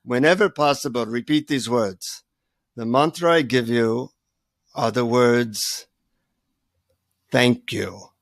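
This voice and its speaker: A man voicing a stern, solemn older Indian guru with an Indian accent, speaking slowly and gravely. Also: mid-range voice, no echo, studio quality, pitched below the performer's own voice.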